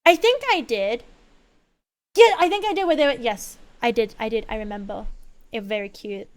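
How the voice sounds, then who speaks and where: A woman streamer chatting casually while gaming, rambling and expressive, with lots of fillers and swearing. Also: on the high side, normal speed.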